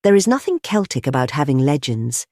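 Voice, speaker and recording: A man reading an essay audiobook in a measured, deliberate way, pausing phrase by phrase, on a close studio mic. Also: a little high, big pitch swings, a little mellow, no echo. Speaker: audiobook narrator.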